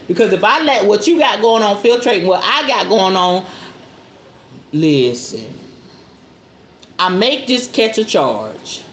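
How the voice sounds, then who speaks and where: A woman's voice: mid-range voice, echoey room, slight background noise. A woman hosting a spiritual talk show in a casual monologue, blunt and preachy. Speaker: host.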